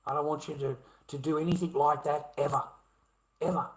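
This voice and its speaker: Rambling Australian man, slightly high voice. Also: steady tone, fairly quick, low-quality recording. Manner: rambling, repetitive, heavy swearing. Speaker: vlogger. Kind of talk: rambling monologue to camera.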